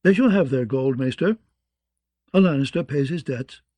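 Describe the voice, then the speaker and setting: Male narrator doing an imperious storybook queen, dismissive and dark-toned. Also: medium pitch, lively intonation, moderate pace, dry recording, close to an everyday voice. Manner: cold, commanding, dismissive. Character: proud imperious queen, woman.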